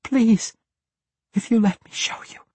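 A man's voice: fairly high pitch, moderate pace, darkish tone, husky, no echo, pitched above the performer's own voice. A man voicing a frightened half-elf woman adventurer in an audiobook, speaking in a strained, pleading way. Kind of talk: audiobook character voice.

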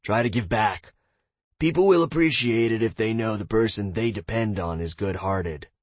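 A genial older adventurer gives fatherly lessons in a fantasy storybook, voiced by a man reading it. He speaks a touch higher than the narration, and the sound is dry and close. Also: normal speed, no echo, close to an everyday voice. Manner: fatherly, lecturing, calls others lad. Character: genial older male adventurer, wise and generous.

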